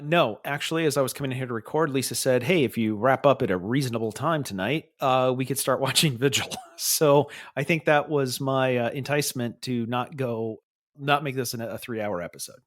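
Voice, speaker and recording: A man's voice: mid-range voice, a little fast. A man co-hosting a podcast, chatting casually in a rambling, wry way with many restarts. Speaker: podcast co-host. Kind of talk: casual chat.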